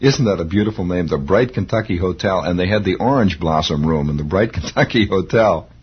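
Raspy man telling radio stories. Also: deep voice, lively intonation, a little fast. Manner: rambling, chuckling as he talks. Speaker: radio host. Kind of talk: nostalgic storytelling. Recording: lo-fi old radio recording.

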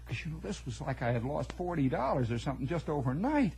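A man telling a personal story in a radio monologue, animated and chuckling as he acts out family dialogue. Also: a little high, fast, vocal fry, breathy edge, low-quality recording.

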